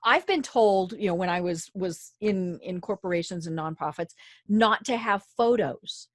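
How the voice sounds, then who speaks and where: A woman host chatting and telling a personal story, animated and quick to laugh. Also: on the low side, dry recording, studio quality. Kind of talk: conversational storytelling.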